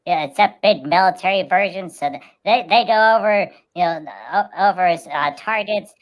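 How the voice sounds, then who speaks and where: A woman's voice: medium pitch, moderate pace. A woman co-hosting a casual talk show, telling absurd comic stories in a rambling way, with many restarts.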